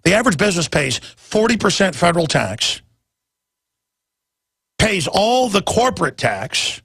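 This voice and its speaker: A man hosting a talk radio show, ranting in a rambling way and jumping suddenly into loud, emphatic bursts. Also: sits high, big pitch swings, unhurried, gravelly, breathy edge, no room sound, studio quality.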